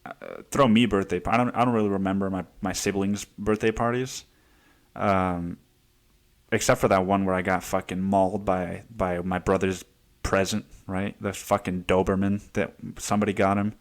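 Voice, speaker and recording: Rambling, profane young man with a low voice. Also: little pitch movement, moderate pace. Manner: rambling, profane, lots of restarts and "like". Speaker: podcast host. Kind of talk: casual solo monologue.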